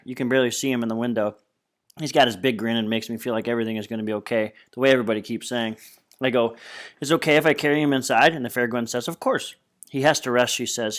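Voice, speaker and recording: A man reading a novel aloud in a plain, unpolished way, with small slips and restarts. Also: lowish voice. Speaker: reader.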